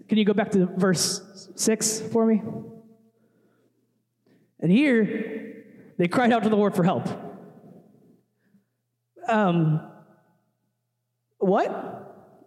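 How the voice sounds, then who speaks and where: A man's voice: sits high, slow, pauses often, darkish tone, long reverb tail. A young man, a worship leader, giving a casual, chatty sermon full of asides and fillers.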